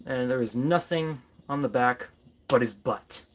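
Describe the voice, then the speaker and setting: A man's voice: medium pitch, a little slow. A man doing a casual toy review vlog, playfully chatting to his figures as if they were people.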